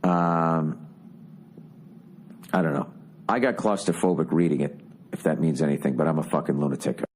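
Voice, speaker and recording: A man in his forties from the United States, hosting a podcast, telling comedic stories in a profane, animated rant. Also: rumbling low, normal speed, long pauses, slight background noise. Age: 40s. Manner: profane, animated, loud when retelling. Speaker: podcast host.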